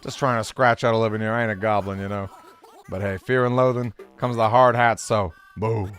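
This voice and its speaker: A man's voice: on the low side, fairly even intonation, brisk, fairly bright tone, clean tone, soft background music, voice pushed down, lightly acted. A man voicing a short-tempered male mole with a put-on New York accent, lecturing in sarcastic tough-guy slang. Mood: scolding lecture.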